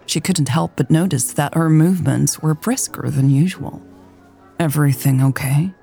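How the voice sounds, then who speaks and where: Woman narrator, low voice, mellow tone, calm storytelling, faint music underneath. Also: moderate pace, gravelly. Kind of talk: scripted audiobook narration.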